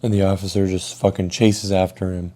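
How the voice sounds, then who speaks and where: A young man telling a school story in a casual, profane, animated way. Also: low-pitched, fairly quick. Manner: casual, swears a lot, animated retelling. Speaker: vlogger.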